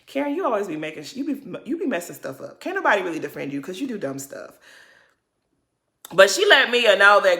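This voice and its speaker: Woman, bright voice, lively up-and-down delivery, sassy, blunt, casual recap talk. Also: fairly quick, roomy sound. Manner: sassy, blunt and profane, mimics others in high exaggerated voices. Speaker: reality TV recap YouTuber.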